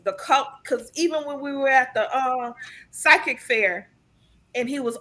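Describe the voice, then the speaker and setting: A woman with a higher voice and a bright, forceful edge gives a relaxed live tarot reading. She talks in a chatty, earnest way and often pauses on "um" or restarts a thought. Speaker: tarot card reader. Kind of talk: live casual spiritual reading to a sibling.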